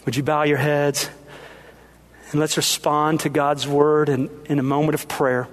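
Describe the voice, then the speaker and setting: A man with a notably high-pitched voice preaching a sermon. He tells a story in an earnest, heartfelt way and speaks directly to his listeners. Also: little pitch movement, a little slow. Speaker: pastor.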